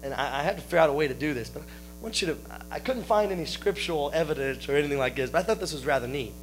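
A man preaching a sermon to his congregation, explaining scripture with folksy jokes and friendly asides to listeners, with a steady hum behind him. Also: fairly high pitch, racing, soft background music. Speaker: pastor.

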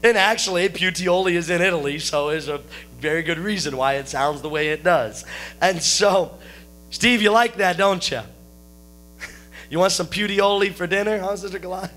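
A man with a notably high voice delivers a sermon, walking his congregation through scripture. He breaks in with folksy jokes and turns to address listeners by name. A low mains hum runs under the recording. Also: normal speed, fairly bright tone, faint music behind. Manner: folksy, joking asides to the congregation. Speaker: pastor.

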